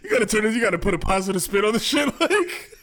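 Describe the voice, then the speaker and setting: A man's voice: high-pitched, sing-song, quick pace, fairly bright tone. A man from the Bronx, co-hosting a casual chat and laughing as he hypes up his partner. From the Bronx, New York.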